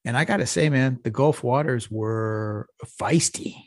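A man's voice: medium pitch, unhurried, dry recording. Middle-aged texas guy cussing his way through a story on a podcast, dry close mic. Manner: profane, laid-back storytelling with frequent laughs. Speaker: podcast co-host. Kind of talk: casual storytelling chat.

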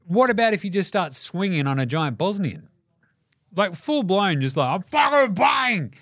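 An Australian man hosting a casual sports podcast, swearing freely and telling animated stories. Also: high voice, normal speed, no echo, studio quality. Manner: swearing, laughing, animated storytelling. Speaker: podcast host.

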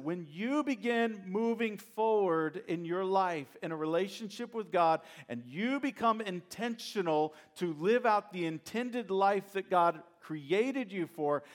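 Give me a high-voiced man preaching, lively and joking with his congregation. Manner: animated storytelling with humorous asides; addresses congregation directly. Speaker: pastor. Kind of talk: sermon.

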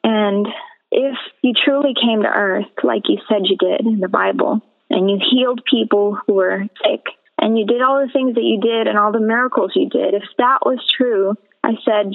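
Gravelly woman over a tinny phone line. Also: mid-range voice. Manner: earnest, measured storytelling. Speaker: guest sharing her testimony. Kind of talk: personal testimony in a radio interview.

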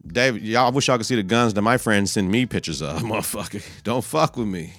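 A man hosting a podcast, recapping a TV episode in a casual, profane, animated way and acting out the characters' lines as he goes. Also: fairly low pitch, fairly quick, no echo, soft background music. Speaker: podcast host.

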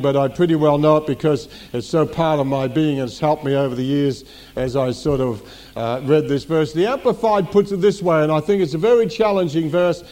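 A middle-aged male pastor gives a teaching sermon in a church, his voice pitched fairly high yet soft and mellow in tone. He leans on repetition, circling back to key phrases and throwing rhetorical questions out to the congregation. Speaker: senior pastor.

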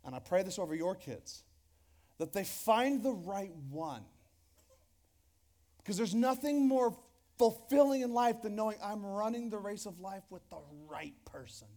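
A man's voice: high voice, lively intonation, unhurried, darkish tone. A man preaching a sermon to a church congregation, casual and joking, often restarting his phrases. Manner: conversational and joking, with repeated restarts. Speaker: pastor. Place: church hall before a congregation.

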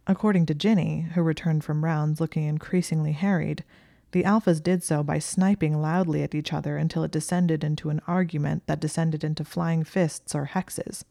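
A woman narrating a story aloud in a steady, even way. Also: low-pitched, moderate pace, creaky, no echo, clean studio sound. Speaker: audiobook narrator. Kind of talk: reading fan fiction aloud.

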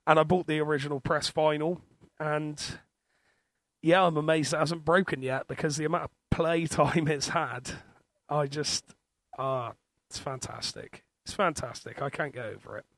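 Joking man with a fairly high voice. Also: fairly even intonation, normal speed, a bit bright, dry recording. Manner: enthusiastic, joking. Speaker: podcast co-host. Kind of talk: casual chat.

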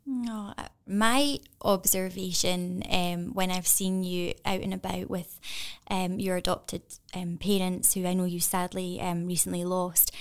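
A woman hosts an interview and frames her questions warmly and with admiration. She often pauses on "um" before going on. Her voice is a little low for a woman and sounds smooth and clear. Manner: warm, complimentary, hesitant with many ums. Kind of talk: conversational interview.

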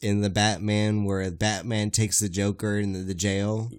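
A young man with a somewhat low voice chats on a casual podcast. He tells his story in a laid-back way and laughs now and then as he talks. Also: flat delivery, measured pace. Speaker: podcast co-host. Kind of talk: casual chat.

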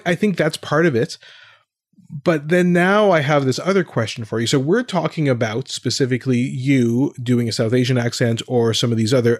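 A man's voice: medium pitch, no room sound, clean studio sound. A middle-aged man co-hosting a casual discussion, asking questions thoughtfully and restarting his sentences often. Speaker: podcast co-host.

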